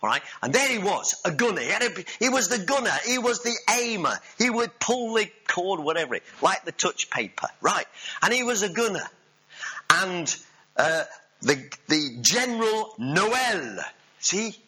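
A male preacher, giving a sermon with animated storytelling and jokes with the congregation. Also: sits high, normal speed, slightly rough, rough recording.

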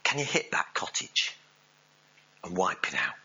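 A preacher putting on a French army general. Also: male voice, low voice, very animated, a little slow, sharp tone, breathy edge, lo-fi sound, pitched below the performer's own voice, full character voice. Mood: conspiratorial.

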